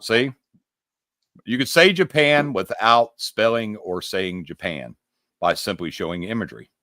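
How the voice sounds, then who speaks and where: A man's voice: on the low side, expressive, measured pace, pushed and bright, no room sound, clean studio sound. A man on a podcast, explaining puzzle clues in emphatic, rambling casual chat with the odd mild curse. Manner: emphatic, rambling, mildly profane. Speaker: podcast co-host.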